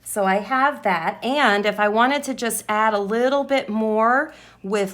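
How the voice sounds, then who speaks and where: Woman, teacher, writing lesson, slow deliberate delivery, repeats phrases. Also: fairly high pitch, fairly bright tone. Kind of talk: classroom writing lesson, modeling aloud.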